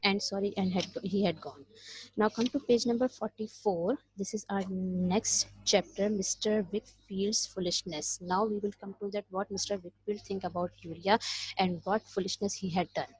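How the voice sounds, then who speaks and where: Breathy woman teaching a novel. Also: mid-range voice, fairly even intonation, normal speed, no echo, poor audio. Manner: reads a passage, then explains it, switching into Hindi. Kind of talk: reading and explaining a novel aloud.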